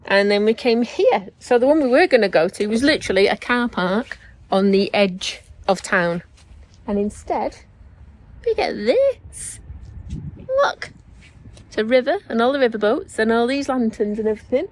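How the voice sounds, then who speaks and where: A middle-aged travel vlogger with a slightly high voice talks at a moderate pace into a handheld camera. She chats casually and jokes a lot, laughing often throughout her vlog.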